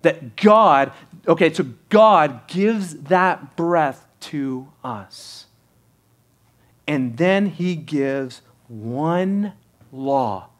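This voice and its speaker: A man's voice: on the high side, lively intonation, very slow. A man preaching a sermon as pastor, talking conversationally and asking the congregation rhetorical questions. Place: church sanctuary.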